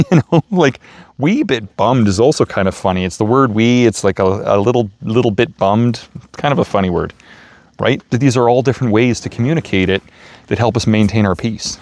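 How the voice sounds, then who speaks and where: A man giving a casual motivational talk, gentle and playful, chuckling as he stresses words. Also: lowish voice, fairly quick, no echo. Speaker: self-help speaker. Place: outdoors feeding raccoons.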